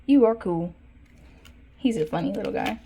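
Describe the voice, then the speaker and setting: A young woman giving a casual sketchbook tour, rambling with lots of fillers and self-corrections, breaking into excited bursts over favorite drawings. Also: medium pitch, moderate pace, a little hiss or hum. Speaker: art vlogger.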